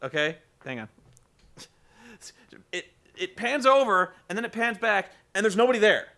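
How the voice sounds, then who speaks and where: A man casually recapping a wrestling show, animated and joking, swearing freely. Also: high voice, moderate pace. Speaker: podcast host recapping wrestling. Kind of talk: casual chat.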